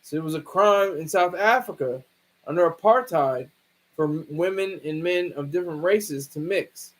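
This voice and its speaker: A man hosting a livestream, talking through a case in a rambling, halting way with many restarts. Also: a little high, low-quality recording. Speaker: livestream host. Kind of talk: casual livestream commentary.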